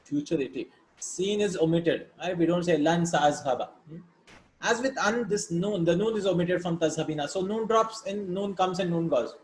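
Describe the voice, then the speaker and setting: A man's voice: high-pitched, fairly quick. A man teaching an Arabic lesson, reading Arabic words and sentences, explaining them step by step in English and checking in with "right?". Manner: explains step by step, asks "right?" between points. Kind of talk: recorded language lesson. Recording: echoey room with faint background hiss.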